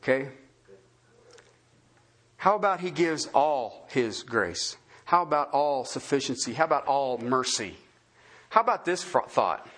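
A man's voice: mid-range voice, unhurried, pauses often. A man preaching a sermon, full of questions put to his listeners. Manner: animated, asks the congregation many questions. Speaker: pastor.

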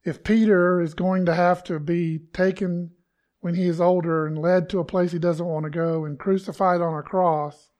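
Man, pastor, sermon, conversational, emphatic quoted lines, fairly high voice. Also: darkish tone.

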